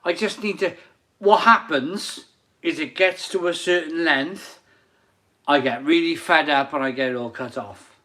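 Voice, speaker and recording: Bloke in his forties hosting a live stream, chatty, giggly, slow and bright. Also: fairly high pitch. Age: 40s. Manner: chatty, laughs often, reads chat comments aloud. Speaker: beer reviewer and live stream host. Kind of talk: casual live stream chat.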